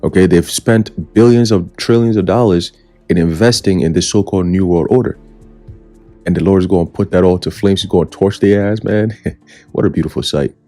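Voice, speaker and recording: A man's voice: low-pitched, normal speed, mellow, soft background music. A man preaching a scripture sermon, emphatic and full of rhetorical questions, often checking in with "okay?" and "right?", sometimes taunting. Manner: mocking, taunting tone at times.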